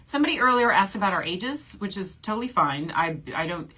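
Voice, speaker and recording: Husky lady in her 40s from new orleans, chatty and giggly, reading out viewer comments on a livestream. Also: medium pitch, big pitch swings, fairly quick, pushed and bright. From New Orleans, USA. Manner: chatty and bubbly, laughs often. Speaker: shopping channel host.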